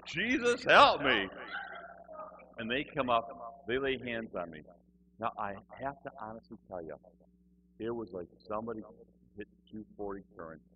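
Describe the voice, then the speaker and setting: A man's voice: lowish voice, moderate pace, lo-fi sound, slight background noise. A middle-aged man telling a humorous personal testimony, acting out the people in his story as he goes. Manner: animated, acts out other people's voices.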